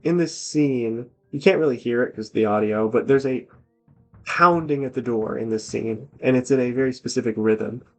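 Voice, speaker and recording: A man's voice: mid-range voice, normal speed, faint music behind. A man hosting a let's play, chatting casually over the game and reading its on-screen text aloud. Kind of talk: casual gameplay commentary.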